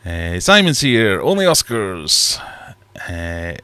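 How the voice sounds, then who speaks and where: A man's voice: low-pitched, big pitch swings, slow pace, pushed and bright, clear, resonant tone, no room sound. A man hosting a casual livestream from his fish room, rambling and self-deprecating as he reads chat aloud. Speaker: livestream host.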